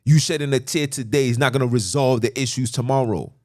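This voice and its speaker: A man's voice: mid-range voice, fairly even intonation, a little fast, darkish tone. A middle-aged man hosting a podcast, delivering an emphatic, repetitive, lecturing monologue. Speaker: podcast host. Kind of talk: preachy monologue.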